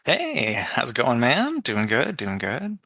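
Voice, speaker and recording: Young man with a bright, forceful voice. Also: mid-range voice, wildly swooping pitch, takes it slowly, husky. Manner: hesitant, filler-heavy answers. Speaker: lawyer guest. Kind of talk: casual podcast chat.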